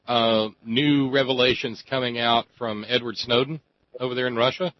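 A man's voice: mid-range voice, steady tone, dry recording. Talk radio host guy, emphatic, lots of ums and uhs, dry slightly dull studio sound. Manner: emphatic, drawn-out phrasing with many fillers. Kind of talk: talk radio monologue and call-in chat.

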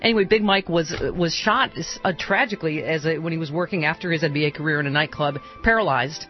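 A woman's voice: low-pitched, fast talker, lo-fi sound, soft background music. A woman hosting a radio talk show, chatty and emotional, laughing often. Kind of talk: casual radio chat.

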